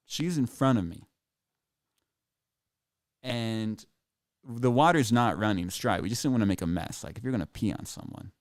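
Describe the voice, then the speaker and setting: A man's voice: mid-range voice, dry recording, clean studio sound. A man in his thirties telling a rambling, crude story on a live stream, casual and self-amused. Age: 30s.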